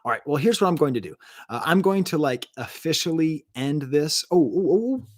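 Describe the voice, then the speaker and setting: Streaming from home, the host ranks albums and reads the live chat, his talk enthusiastic and rambling. His voice is fairly high and expressive, and he speaks fairly quickly.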